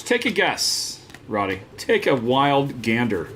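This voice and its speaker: Man, card-break host, teasing live chat, very lively pitch, faint noise behind. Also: slow. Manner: teasing, banter with viewers, frequent "uh" fillers. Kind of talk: casual live-stream chat.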